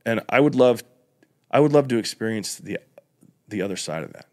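A man hosting a podcast, talking reflectively and casually, with slang, lively when joking. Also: lowish voice, brisk. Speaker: podcast host. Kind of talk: casual conversation.

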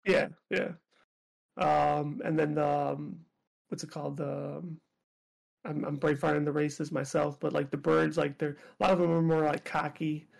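A man with a gravelly, somewhat high voice chats casually as a podcast co-host. He laughs often and trips over his words, restarting sentences as he goes. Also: little pitch movement, normal speed. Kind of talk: casual chat.

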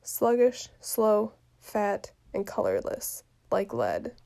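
A woman reading the part of an impatient lovesick teenage girl aloud from a play, quiet and soft with some words whispered. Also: medium pitch, huge pitch swings, slow, gravelly, exaggerated voice. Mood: eager.

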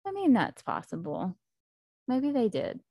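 An American woman hosting a casual book-club chat, talking in a chatty, animated way with lots of fillers. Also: fairly high pitch, measured pace, dry recording, clean studio sound.

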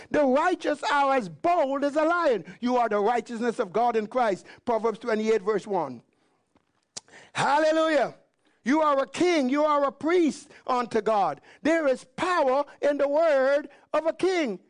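A male pastor with a Canadian accent preaching a sermon with emphatic, repeated declarations. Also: high-pitched.

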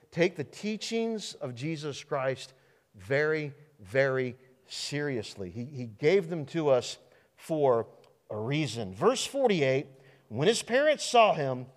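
Man preaching a sermon, Midwestern American accent, fairly high voice, lively rising and falling pitch, ringing church hall. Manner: animated preaching with repeated restarts and rhetorical questions. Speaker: pastor. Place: church sanctuary. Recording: long reverb of a large church hall.

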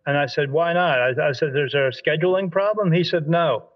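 A man's voice: on the high side, moderate pace. Guy from delaware telling a story, acts out everyone's lines, kinda muffled audio. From Delaware, USA. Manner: animated storyteller, acts out quoted dialogue, frequent restarts. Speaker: spirit medium. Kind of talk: storytelling in conversation.

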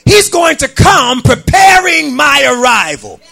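A male pastor preaching a sermon, his lines rising into a sung, shouted cadence as he calls out to the congregation. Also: very high-pitched, very animated, unhurried, vocal fry, soft background music.

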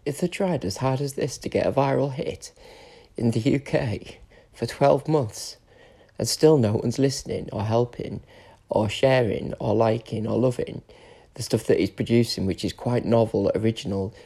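A man's voice: medium pitch, normal speed, gravelly, dark tone, husky. A British man in his forties, tearful and emotional, ranting in an unscripted solo podcast monologue and swearing often. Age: 40s. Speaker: podcast host.

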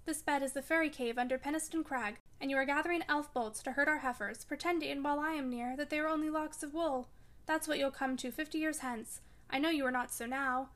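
A woman's voice: high-pitched, steady tone, fairly quick, fairly bright tone. A woman reading aloud as a feverish, delirious young woman, dreamy and frightened. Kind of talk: audiobook reading.

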